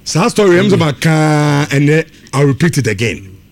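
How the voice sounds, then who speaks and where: A Ghanaian radio host whose voice rides high and swings widely as he reads messages and tells stories. He mixes Twi and English in a lively, chatty flow. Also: moderate pace.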